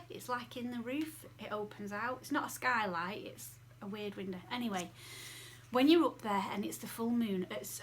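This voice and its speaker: A woman's voice: mid-range voice, a bit bright, slight background noise. A woman talking casually to camera as a vlogger at home, chatty and rambling with many fillers. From England.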